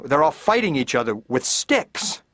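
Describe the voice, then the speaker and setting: A middle-aged comedian playing a therapy patient in a cartoon, rambling in a self-deprecating stand-up routine. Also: male voice, on the high side, big pitch swings, normal speed, fairly bright tone, no room sound. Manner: rambling, self-deprecating, slips into silly voices. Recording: dull dry cartoon soundtrack.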